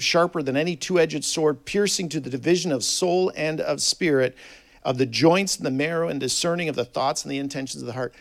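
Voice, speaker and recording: Gravelly earnest male preacher. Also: fairly high pitch. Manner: earnest, reads scripture aloud, swings from quiet to loud emphasis. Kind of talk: sermon.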